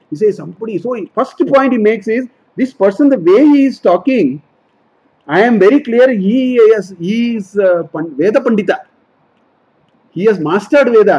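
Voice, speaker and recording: This scripture class is taught by a Vedanta teacher whose voice is high, mellow and husky, heard through dull audio. He works through the verses line by line, frequently repeating himself and making corrections.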